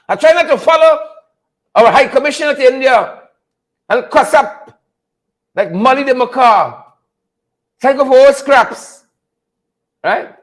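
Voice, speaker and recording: A man's voice: very high-pitched, expressive, moderate pace. A man hosting a live political commentary show, calling out viewers by name and repeating catchphrases. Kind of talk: casual live-stream commentary.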